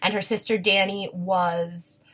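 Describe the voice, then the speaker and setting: A young woman chatting casually in a vlog, gushing and quick to get emotional. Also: mid-range voice, flat delivery, a bit bright. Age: young adult. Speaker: vlogger. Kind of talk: casual chat.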